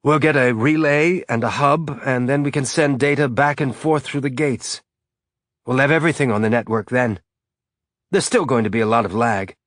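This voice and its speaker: For an audiobook, a man voices a grieving father fighting back tears, pushing a light, cheerful tone through a thick throat so it comes out choked and tender. The natural-sounding voice is mid-range and a bit bright, pitched above his own, at a moderate pace, recorded clean in a studio with no echo.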